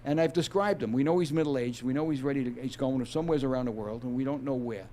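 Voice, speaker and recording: Mellow-voiced man explaining at ease. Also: mid-range voice, quick pace, slight background noise. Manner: easygoing, explanatory, with frequent restarts. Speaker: author and former police detective. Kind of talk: interview guest, reading aloud from his novel. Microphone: video call.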